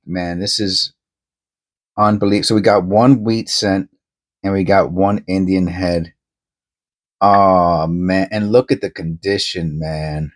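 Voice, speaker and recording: A man hosting a casual coin-hunting vlog, rambling and excitable, often tacking "man" onto his sentences. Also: sits low, moderate pace.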